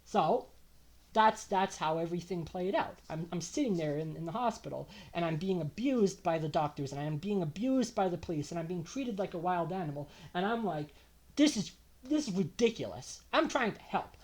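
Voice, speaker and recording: A man's voice: animated, normal speed. A young man telling his own story to camera in an emotional, swearing rant. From Canada. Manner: emotional, ranting, swears often, big swings in pitch and loudness. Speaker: vlogger. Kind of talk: confessional monologue to camera.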